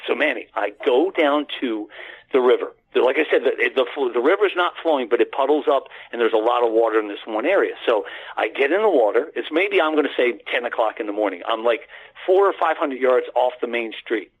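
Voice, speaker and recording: This American man, a guest on a phone-in radio show, recounts a long personal story casually and earnestly, rambling, restarting frequently and naming the host. His medium-pitched voice is expressive and a little fast, coming through a tinny phone line.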